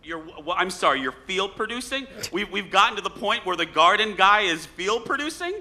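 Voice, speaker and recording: A man's voice: sits high, expressive, moderate pace, pushed and bright, a little hiss or hum. A man hosting a live TV talk show, joking and playful with guests and his cohost. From Indiana. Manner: joking, playful, self-deprecating.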